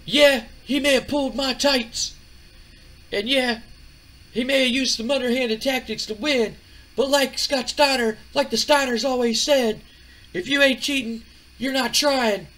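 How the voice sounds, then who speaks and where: A man doing a loud swaggering wrestler promo. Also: very high voice, fairly even intonation, voice pushed up, poor audio. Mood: boastful. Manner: shouting, swaggering, drawn-out delivery. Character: brash boastful male wrestler cutting a loud promo.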